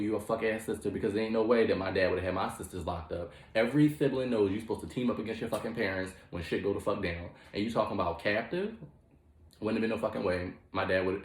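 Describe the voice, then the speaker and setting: A man hosting a comedic mock courtroom commentary, profane and emphatic, peppering his talk with "child" and "okay". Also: lowish voice. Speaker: host. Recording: roomy echo.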